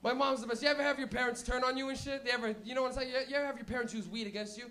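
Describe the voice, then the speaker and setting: Young man, stand-up comedian, very high voice, animated, swearing. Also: very fast. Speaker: comedian and show host.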